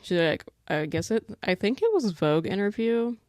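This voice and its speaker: A woman's voice: mid-range voice, animated, normal speed, a little mellow, no room sound, studio quality. A woman in her twenties hosting a casual solo podcast, rambling chattily and breaking off to talk to her pet. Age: 20s. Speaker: podcast host.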